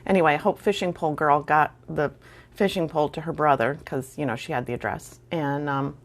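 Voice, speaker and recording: A middle-aged woman with a low voice spins a casual anecdote to her viewers. She's wry and self-deprecating, chatting loosely with plenty of fillers. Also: a little fast. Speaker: storyteller vlogger.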